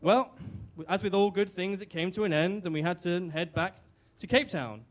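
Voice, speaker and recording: A man's voice: sits high, normal speed. Wry British man telling a story. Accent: British English. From Britain. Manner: wry, self-deprecating, with fillers and restarts. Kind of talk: live stage storytelling. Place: live storytelling venue on stage.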